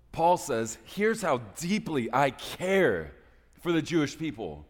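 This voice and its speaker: A man preaching a sermon as pastor, swinging between loud, pleading peaks and hushed, intense passages. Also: fairly high pitch, very animated, takes it slowly, big-room sound.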